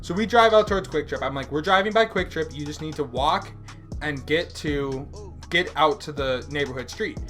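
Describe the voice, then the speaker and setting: A young man hosting a podcast, telling a story in a loud, animated, profane way and acting out the people in it. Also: a little high, normal speed, faint music behind. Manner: animated, profane, acts out quotes. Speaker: podcast host. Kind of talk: casual storytelling chat.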